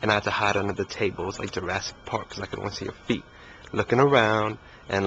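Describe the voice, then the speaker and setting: Laid-back young man, low voice. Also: fairly even intonation, fast talker, fairly bright tone. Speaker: interviewee. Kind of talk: casual storytelling interview. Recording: muffled recording with faint hiss.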